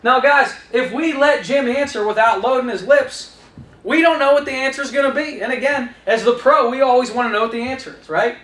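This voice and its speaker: High, bright-voiced male sales trainer. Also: brisk, roomy sound. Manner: energetic, talks straight to trainees, role-plays customer lines. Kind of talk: instructional talk with acted-out dialogue.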